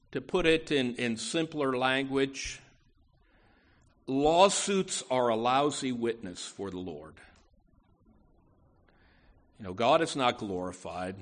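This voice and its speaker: A man's voice: mid-range voice, fairly bright tone. A man preaching a sermon, emphatic, often adding "you know" asides, with words that swell and drop.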